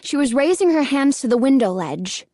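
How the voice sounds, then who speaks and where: Woman reading a spooky kids book slow, high voice, dry sound. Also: very animated, warm tone, no echo. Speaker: audiobook narrator. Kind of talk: scripted narration.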